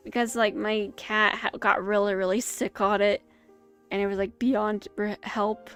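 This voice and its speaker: A woman's voice: medium pitch, little pitch movement, unhurried, fairly bright tone, smooth, soft background music. A woman streaming a movie watch-along, chatting casually with rambling asides and self-interruptions. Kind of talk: casual live commentary. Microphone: streaming setup.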